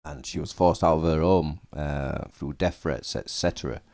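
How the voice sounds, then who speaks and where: Brief: very low, deep male commentator, dry close voice-over, halting with lots of uhs, blunt views. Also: mellow, dry recording. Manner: hesitant, many fillers, blunt opinions. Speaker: commentator reacting to a video. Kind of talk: casual reaction commentary.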